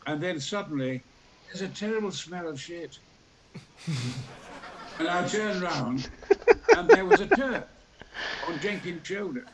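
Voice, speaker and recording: A Yorkshireman in his eighties appears as a talk show guest, telling stories theatrically and acting out every character with sudden booming outbursts in a larger-than-life delivery. He speaks at a measured pace with frequent pauses, and the poor audio includes crowd noise.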